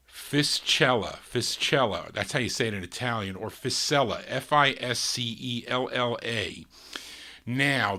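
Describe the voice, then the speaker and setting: A man's voice: medium pitch, pushed and bright. A man hosting a live oldies record show, chatting between records and talking to listeners, laughing as he goes. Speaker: oldies radio show host.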